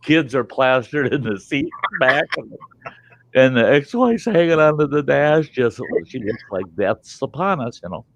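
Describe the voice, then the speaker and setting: A man hosting a storytelling show, telling a rambling, folksy, animated tale and swearing casually as he goes. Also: mid-range voice, measured pace, creaky, slight background noise. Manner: animated, folksy, swears casually, chuckles through his tales. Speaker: podcast host.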